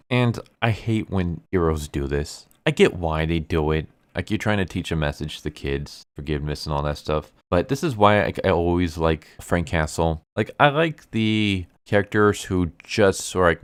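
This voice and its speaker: A man giving a casual, animated comic book review, acting out quoted lines in shifting tones. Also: low-pitched, normal speed, hardly any pauses, clear, resonant tone, no echo.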